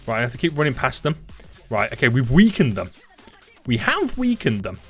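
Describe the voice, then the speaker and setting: A young man giving playful, excitable let's play commentary, taunting and often bursting into loud shouts. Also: mid-range voice, fairly quick, faint music behind. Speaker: gaming YouTuber.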